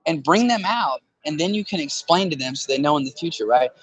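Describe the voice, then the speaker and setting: A man's voice: fairly high pitch, lively intonation, fairly quick, husky, low-quality recording. A man in a casual conversation who talks into a handheld phone, explaining earnestly through analogies and often checking in with "right?".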